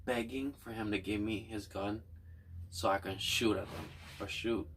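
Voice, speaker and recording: A man's voice: lowish voice, fairly even intonation, normal speed, background noise. A man in casual chat telling his own story loosely, with swearing. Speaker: podcast host.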